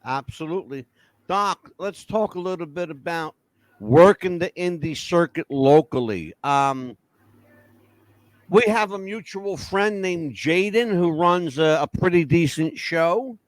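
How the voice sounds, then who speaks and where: Man, podcast host, high-pitched, blunt, emphatic, swears a lot, dry close sound. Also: animated, a little slow, dry recording. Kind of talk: casual chat.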